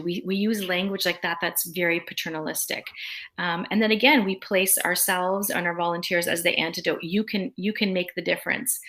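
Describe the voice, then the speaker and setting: A woman's voice: fairly low pitch, fairly bright tone. A middle-aged woman speaking on a conference panel, earnest and emphatic, with frequent ums.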